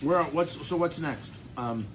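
A man's voice: on the high side, measured pace, slight background noise. A man hosting a radio taste test, joking and laughing as he chats. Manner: joking, animated, laughs often. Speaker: radio host. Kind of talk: casual chat.

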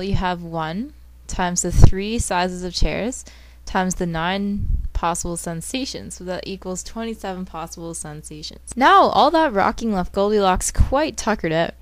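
A woman reading a fairy tale aloud and breaking in with math explanations, steady, with livelier story beats. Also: medium pitch, no room sound.

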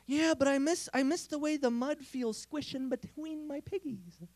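A man's voice: very high voice, normal speed, a little mellow, no echo, voice pushed up. A man voicing his young niece as a dramatic, smug little girl with a whiny, exaggerated delivery. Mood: pleading.

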